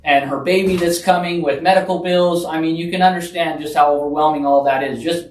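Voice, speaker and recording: Earnest fast-talking organizer, roomy and distant. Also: female voice, steady tone, a little hiss or hum. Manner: earnest, rapid promotional pitch. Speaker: event organizer guest. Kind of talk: casual radio talk.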